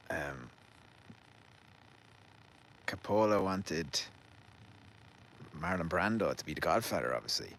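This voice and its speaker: A man's voice: sits low, fairly bright tone, a little hiss or hum, low-quality recording. An Irish man vlogging outdoors in a garden, telling a loose, sweary anecdote in a casual rambling way, laughing and fumbling over names. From Ireland.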